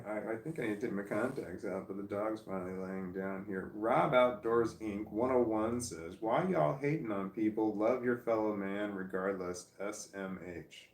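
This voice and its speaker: A middle-aged man sits in an armchair at home, livestreaming casually and reading out viewer comments, rambling and self-mocking with frequent laughter. Recorded on a phone, his lowish, creaky, slightly mellow voice sounds reverberant, with slight background noise.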